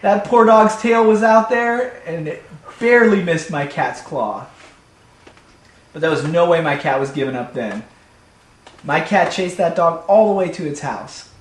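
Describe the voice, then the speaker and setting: A man telling a comic personal story in an animated, playful way, recorded in an echoey room. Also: fairly high pitch, a little slow, long pauses. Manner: animated, playful, builds to shouts. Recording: echoey room, faint hum.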